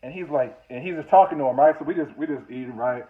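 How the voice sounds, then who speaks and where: A man's voice: on the high side, fast talker. A man casually telling a personal story, conversational and full of restarts. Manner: conversational, many fillers and restarts. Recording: tinny phone-like audio.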